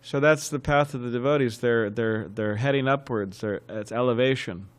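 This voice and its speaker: Man, temple class speaker, sermon with anecdotes, mid-range voice, lively, chuckles, restarts phrases. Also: medium pitch, normal speed. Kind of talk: sermon with storytelling.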